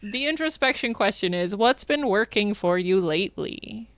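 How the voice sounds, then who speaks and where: A woman hosts a podcast with a smooth, resonant voice. She chats casually and curiously, laughing easily. The sound is dry and close, with no room around it. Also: medium pitch, expressive, a bit bright, no room sound. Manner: curious, chatty, quick to laugh. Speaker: podcast host.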